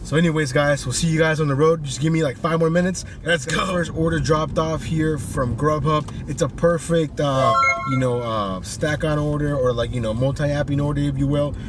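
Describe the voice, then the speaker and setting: An upbeat man talks casually to his viewers while driving, his voice pitched in an ordinary middle range. He rambles in a friendly way, padding his sentences with "you know" and "like". A faint hum of traffic sits behind him. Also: far from the mic. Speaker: delivery driver vlogger. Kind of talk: casual vlog commentary. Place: inside a car while driving.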